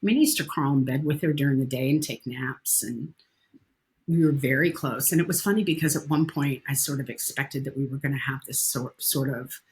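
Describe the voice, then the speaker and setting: A woman's voice: rumbling low, brisk, darkish tone. A woman talking as a podcast guest in a casual interview, telling stories bluntly and candidly and swearing casually.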